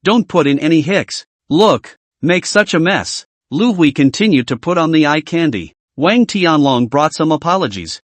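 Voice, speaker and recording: A man narrating a comic recap in a scripted reading style, voicing the dialogue and the narration in the same steady voice. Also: on the high side, normal speed, hardly any pauses, dry recording.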